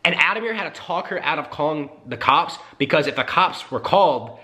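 A man's voice: on the high side, expressive, a little fast, bright, forceful tone. A young man hosting a vlog, talking to camera in an exasperated, heavily swearing way. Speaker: vlogger host. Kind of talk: casual vlog talk to camera.

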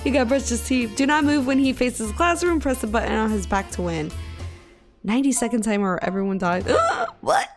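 A young woman hosting a gaming channel, giving excitable gameplay commentary with frequent squeals and gasps over game music. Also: on the high side, a little fast. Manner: squeals, gasps and laughs often.

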